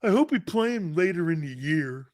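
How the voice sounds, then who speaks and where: High-pitched, animated sports talk host. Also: male voice, moderate pace. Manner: teasing, joking, often laughing, responds to chat. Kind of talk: live sports talk show banter.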